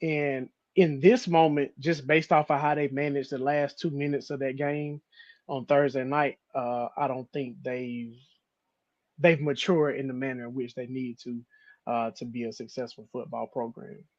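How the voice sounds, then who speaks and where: A man co-hosting casual sports talk, measured and calm, with hesitant fillers. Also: mid-range voice, dry recording, dull audio. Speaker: co-host.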